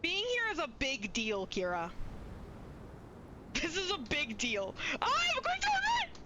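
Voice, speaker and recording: A woman streaming a game live, reacting in an excitable, chatty way to the story. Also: sits high, normal speed, noisy background.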